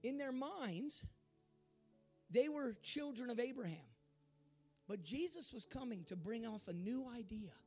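A man preaching a sermon in a fervent way, at times rising to shouts. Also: very high voice, lively intonation, measured pace, pauses often, faint music behind. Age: adult.

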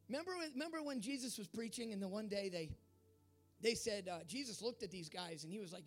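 A man preaching a sermon in a fervent way, at times rising to shouts. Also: high-pitched, animated, brisk, faint music behind. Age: adult.

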